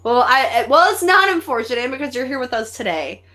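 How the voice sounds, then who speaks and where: A woman hosting a casual live stream chat over a video call, excitable and profane, with loud bursts. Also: sits high, fairly quick.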